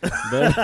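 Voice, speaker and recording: A man co-hosting a podcast, telling a rambling story full of swearing and slang, laughing often, relaxed and high. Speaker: podcast co-host. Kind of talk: casual chat.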